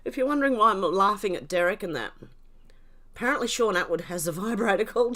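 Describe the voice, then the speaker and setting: Hosting a laid-back livestream, an older woman from Australia reads the chat and dissolves into helpless, tearful laughter full of snorts and breathless giggles. Her medium-pitched voice is animated and fairly bright, and she talks fast.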